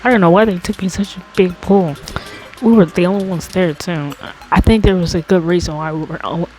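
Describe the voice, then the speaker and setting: An American woman, a storytime host, tells a childhood story in a casual monologue, talking a little fast in a darkish tone. She rambles with lots of restarts and fillers, gets exasperated, and her voice rises high when she complains. The rough recording has faint music behind her.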